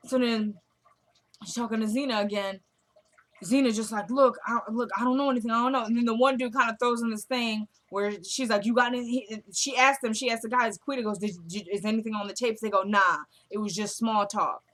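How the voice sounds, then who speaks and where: Young woman recapping a TV episode. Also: a little high. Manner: retells scenes with quick quoted dialogue, animated.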